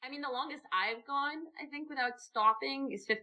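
A woman's voice: high-pitched, moderate pace, sharp tone. A woman in casual podcast chat, teasing and joking.

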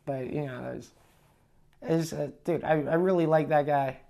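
A man's voice: on the high side, moderate pace, creaky. A man, a touring comedian, telling a story casually on his podcast, cursing freely and acting out both sides of the dialogue. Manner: profane, animated retelling with quoted dialogue.

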